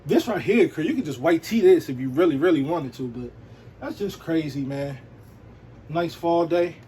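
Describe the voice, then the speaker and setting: Brief: male vlogger, relaxed slangy show-and-tell, slightly raised pitch. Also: normal speed, slight background noise, rough recording. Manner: laid-back, slangy, peppered with "you know what I'm saying". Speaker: sneaker and streetwear vlogger.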